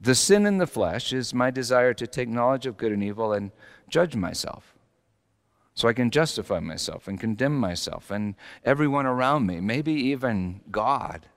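A man preaching a sermon as pastor, confessional and swinging from quiet reflection into animated, rising intensity. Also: mid-range voice, normal speed. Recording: long hall reverb.

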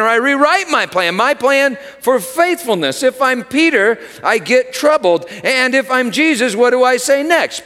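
A man preaching a sermon, swinging from loud, raised lines to hushed, dropped ones. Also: very high-pitched, big pitch swings, unhurried. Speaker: pastor. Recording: long hall reverb.

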